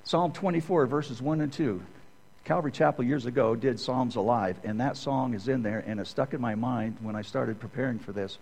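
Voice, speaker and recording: A middle-aged man gives a sermon in a relaxed, conversational style. His pitch sits in an ordinary middle range, and he keeps pausing to ask "okay?" as he goes. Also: creaky, poor audio. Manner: conversational, checks in with "okay?" often. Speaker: preacher.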